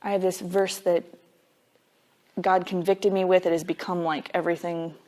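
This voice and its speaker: A woman's voice: lowish voice, level tone, moderate pace, a little mellow. A woman Bible teacher giving a conversational sermon, casual and emphatic, dropping frequent "like" fillers as she explains.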